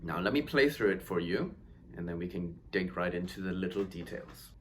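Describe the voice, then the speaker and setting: A violin lesson led by a man whose low voice carries lively intonation at a moderate pace. He counts beats aloud and explains each step patiently, with reassuring, encouraging words, while a violin plays and slight noise lingers behind.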